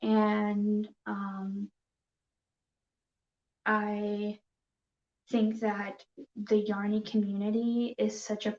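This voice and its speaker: A woman chats with her viewers on a casual live stream, hesitant and nervous, full of pauses and restarts. She speaks slowly in a flat, even voice. The sound is dull and roomy, as in a home room. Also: mid-range voice. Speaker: yarn crafting streamer.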